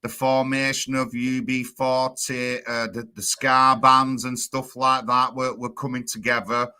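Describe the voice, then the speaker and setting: A man's voice: medium pitch, level tone, a little slow, pushed and bright, smooth. A man chatting casually and agreeably, often restarting his sentences. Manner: agreeable, hesitant with fillers and restarts. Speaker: guest. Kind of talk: casual chat.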